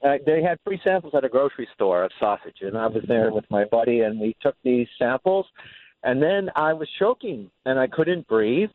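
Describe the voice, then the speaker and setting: A man's voice: mid-range voice, lively intonation, normal speed, no room sound. A man calling in to a radio show, telling a story about himself in a matter-of-fact way. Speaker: caller. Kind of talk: phone-in storytelling. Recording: tinny phone line.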